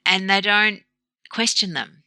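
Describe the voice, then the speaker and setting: A woman's voice: mid-range voice, takes it slowly, sharp tone, no echo, low-quality recording. A woman guest in a conversational interview, talking animatedly and acting out quoted dialogue. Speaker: podcast guest.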